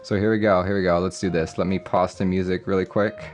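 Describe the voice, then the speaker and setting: A man hosts a casual livestream, rambling and chuckling as he reads viewer messages aloud. He has a deep voice and a level tone, talks fast, and soft music plays in the background.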